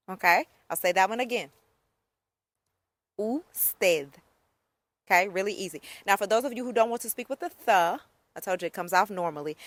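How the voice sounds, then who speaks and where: Lady teaching a casual video lesson, upbeat, lowish voice, keeps saying okay? right?. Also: no echo. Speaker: Spanish teacher.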